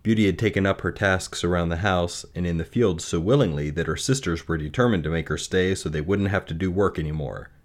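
A man reading a fairy tale aloud and then reflecting on its lessons, in a measured, gentle way. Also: deep voice. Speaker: storyteller.

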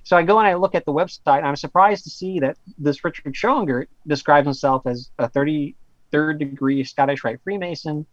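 A man's voice: fairly high pitch, no echo. Guy talking casually, lots of asides and fillers, kinda muffled dry audio. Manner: rambling, with fillers and quick asides. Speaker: author guest. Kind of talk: casual conversational storytelling.

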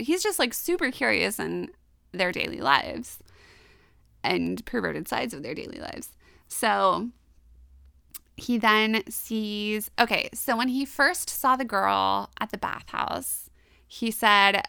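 Woman podcaster, giggly and chatty, bright crisp voice, super dry close sound. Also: medium pitch, measured pace, no echo. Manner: giggly, animated retelling with quoted voices. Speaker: podcast co-host. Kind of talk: casual chat retelling an anime episode.

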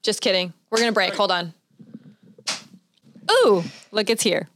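A woman's voice: medium pitch, unhurried, a bit bright. A young woman co-hosting a casual chat, giggly and steering the talk along. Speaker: co-host.

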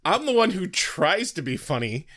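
A man's voice: sits high, sing-song, moderate pace, a bit bright. A man co-hosting a comedy podcast, chatting casually and laughing often as he talks. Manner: laughs often while talking. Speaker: podcast co-host.

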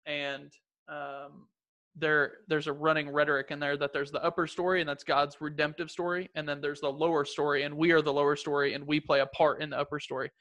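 Man, casual Bible-talk panelist, bright tone, earnest and rambling. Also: fairly high pitch. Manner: earnest, rambling with many restarts. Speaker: church leader in a podcast discussion.

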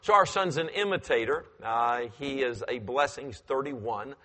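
A man in his fifties, a pastor telling animated stories in a sermon and acting out the voices. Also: medium pitch, normal speed. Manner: animated, acts out voices, climbs loud when excited. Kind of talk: storytelling in a sermon. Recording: long church hall reverb.

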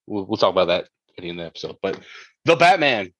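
A man's voice: deep voice, big pitch swings, fast, a bit bright, no echo. Rambling man on a lo-fi podcast. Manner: rambling, full of fillers and restarts. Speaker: podcast co-host. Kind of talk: casual podcast chat.

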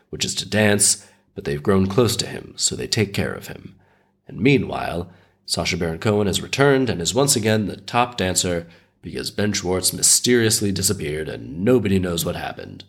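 A man hosting a podcast, retelling a fairy tale in a sardonic, animated way while still recovering from an illness. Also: sits low, gravelly, husky. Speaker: podcast host.

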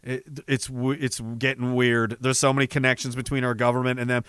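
A man's voice: medium pitch, completely flat delivery, a little fast, a bit bright, smooth, dry recording, studio quality. A man, hosting a livestream and reading out viewer messages in a rambling, profane and sardonic way. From Canada. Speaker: livestream host.

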